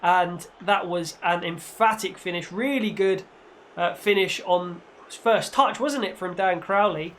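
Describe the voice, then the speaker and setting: Over his own football gameplay, a gaming-channel host offers playful, excitable commentary and mock-commentator shouts at the climaxes. His voice is high-pitched and unhurried, with a little background noise.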